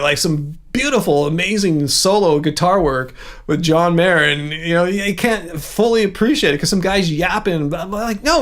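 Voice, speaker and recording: Middle-aged guy on a livestream, high voice, rambling and ranting at the chat. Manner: chatty, ranting, animated asides. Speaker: livestream host. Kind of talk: casual livestream chat reading viewer comments.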